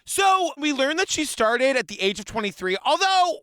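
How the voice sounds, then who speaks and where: A man's voice: extremely high pitch, very animated, moderate pace, bright, forceful tone. A man co-hosting a podcast in casual chat, a playful, giggly storyteller. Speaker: podcast co-host.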